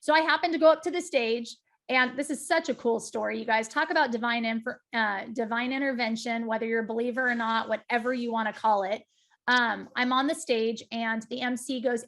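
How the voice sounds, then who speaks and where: A woman's voice: fairly high pitch, brisk. A middle-aged woman giving a talk, telling a personal story with emphatic energy and frequent asides to her listeners. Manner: lively, emphatic storytelling with direct asides to the audience. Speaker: guest speaker.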